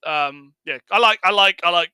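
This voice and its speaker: Casual male stream co-host, high and very bright, profane and laughing. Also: normal speed, clear, resonant tone, no room sound. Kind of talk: casual chat.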